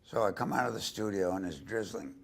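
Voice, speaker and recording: Older male guest, deep gravelly husky voice, animated storyteller acting out quotes. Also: fairly quick. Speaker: interview guest. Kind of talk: anecdotal storytelling.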